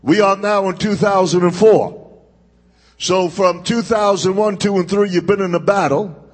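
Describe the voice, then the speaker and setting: High, husky-voiced preacher in echoing church. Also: male voice. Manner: call-and-response preaching, drawn-out emphatic phrasing. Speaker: pastor. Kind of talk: sermon. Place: church sanctuary. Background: congregation responding.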